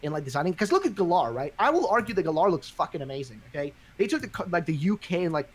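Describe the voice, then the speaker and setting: A man's voice: fairly high pitch, fast talker, a crowd in the background. A man hosting a podcast in casual chat, ranting with lots of swearing. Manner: profane, ranting, animated. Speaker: podcast host.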